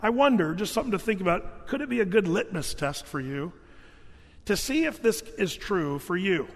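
A man preaching with a notably high voice, talking in a loose, conversational way full of fillers and restarts. His voice rings out with a long reverb, as though filling a large hall. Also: lively intonation, moderate pace. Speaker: pastor. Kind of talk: sermon.

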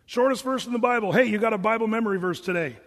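A man with a high voice preaches a sermon in a relaxed, chatty way. He moves between scripture readings and joking asides. Long reverb from a large hall trails behind him. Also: very fast.

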